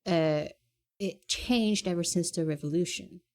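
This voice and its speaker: A woman's voice: fairly low pitch, a little slow, a little mellow. A woman from Quebec, co-hosting a casual podcast and talking hesitantly with many fillers and restarts. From Quebec, Canada. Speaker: podcast co-host. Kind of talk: casual chat.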